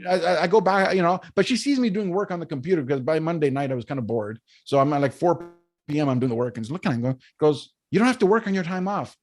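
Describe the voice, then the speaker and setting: A man, a podcast guest telling stories in a casual interview, animated, often checking in with "right?". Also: fairly high pitch, fast. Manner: animated storyteller, keeps asking "right?". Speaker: podcast guest, business coach.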